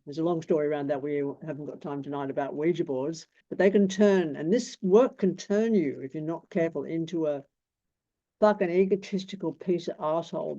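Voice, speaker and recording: A man's voice: a little high, dark tone. Blunt, swearing man in his sixties. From Australia. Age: 60s. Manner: blunt, swears freely, rambling anecdotes. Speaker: tarot teacher. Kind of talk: casual teaching talk. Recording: dull lo-fi recording.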